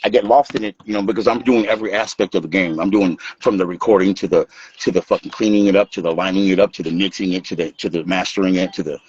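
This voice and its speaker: Guesting in a casual storytelling interview, a dancer and music maker from Los spins animated tales, acting out what people said, swearing freely and laughing. He has a deep voice and a quick pace. The lo-fi recording sounds dull, with slight background noise.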